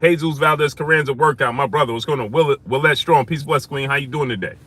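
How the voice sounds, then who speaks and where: This live-stream host has a medium-pitched, slightly rough voice and talks fast. He names viewers in shout-outs and repeats lines for emphasis while his tone climbs into heated outrage.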